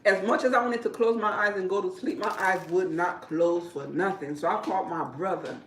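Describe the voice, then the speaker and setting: A woman who works as a hairdresser, telling a story in casual talk, animated and repetitive, often breaking into laughter. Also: on the low side, a little fast, slight background noise. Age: adult. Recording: roomy, from a distance.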